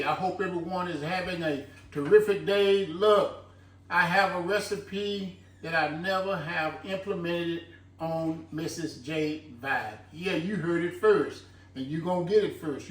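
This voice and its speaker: A fairly high-voiced man talks unhurriedly through a homemade stew recipe, peppering his talk with "look." He sounds a little distant from the mic, in an echoey home kitchen with a faint hum behind him. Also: unhurried. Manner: folksy, chatty, fond of saying "look". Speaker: home cooking channel host. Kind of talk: casual cooking demonstration.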